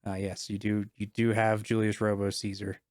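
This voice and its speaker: A man's voice: on the low side, monotone, moderate pace. A man narrating as game master of a tabletop game, casual with many fillers.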